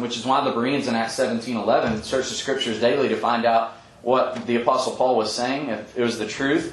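A man leading a Bible study, explaining scripture earnestly with frequent pauses and ums, often quoting verses. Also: mid-range voice, slight background noise. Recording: echoey room with faint ambience.

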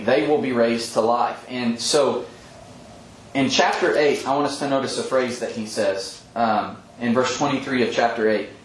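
A man's voice: mid-range voice, a little hiss or hum. Guy explaining bible verses to a study group, earnest, kinda echoey room. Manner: earnest, explanatory, quotes scripture, frequent ums. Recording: echoey room with faint ambience.

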